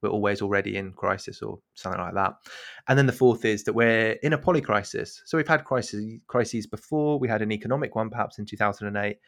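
A man's voice: on the low side, fast talker, vocal fry, fairly bright tone. A man co-hosting a discussion podcast, talking in a wry, hesitant way with many fillers. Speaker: podcast co-host. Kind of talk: casual discussion.

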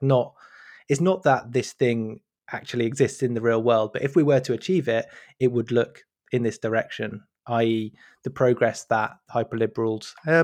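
A man's voice: medium pitch, darkish tone, no room sound. A man in a casual podcast discussion, thinking aloud and hunting for the right words. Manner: searching for words, many restarts.

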